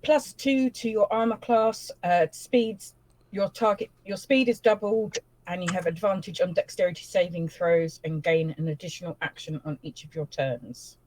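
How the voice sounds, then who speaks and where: A woman's voice: lowish voice, moderate pace, a little mellow, low-quality recording. Woman playing a tabletop game. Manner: describes her character in third person, reads rules. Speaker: player.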